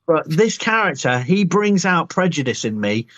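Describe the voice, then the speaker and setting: A man's voice: fairly high pitch, big pitch swings, normal speed, a bit bright. A man, a professor, chatting playfully on a live stream. He teases in a mock-confessional way and often restarts his words. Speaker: archaeology professor and host. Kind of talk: playful chat. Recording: dull lo-fi online live stream sound.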